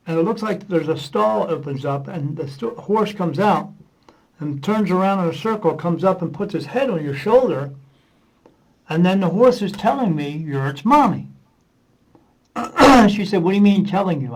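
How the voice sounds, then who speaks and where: A podcast guest with a fairly high voice casually spins loose, rambling anecdotes in an interview. He slips into the voices of people in his stories and fills pauses with lots of "uh." The recording quality is low.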